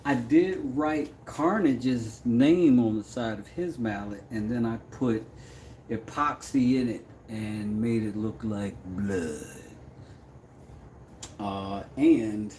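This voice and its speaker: A man's voice: medium pitch, takes it slowly, darkish tone, echoey room, a little hiss or hum. A man, chatting casually with viewers on a livestream, reading their comments aloud and often trailing off into mumbles. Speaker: livestream host making mallets.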